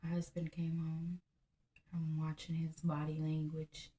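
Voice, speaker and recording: A woman, telling a personal story in a blunt, profane, animated way. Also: low voice, a little slow. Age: 30s. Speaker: vlogger. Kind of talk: candid storytelling to camera.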